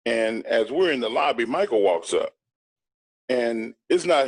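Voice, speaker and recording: A man's voice: mid-range voice, animated, unhurried. A middle-aged man, a guest in an interview, telling a story in an emphatic, blunt and boastful way.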